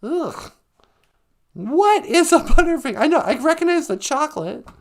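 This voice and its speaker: A man putting on a high, creaky, sing-song voice as a chatty trickster character who hosts a live stream, rambling and opinionated. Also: big pitch swings, moderate pace, full character voice. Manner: rambling, opinionated, mocks and laughs.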